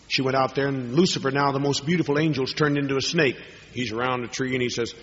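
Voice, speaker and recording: A man preaching a sermon to a hall audience, telling stories dramatically and moving from hushed tones to raised ones. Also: medium pitch, moderate pace. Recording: dull lo-fi recording with long hall reverb.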